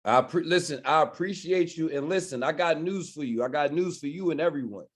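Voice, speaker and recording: Emphatic preacher, rather high. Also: male voice, brisk. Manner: emphatic, keeps asking "you understand?". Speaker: minister presenting a community plan. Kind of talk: community presentation.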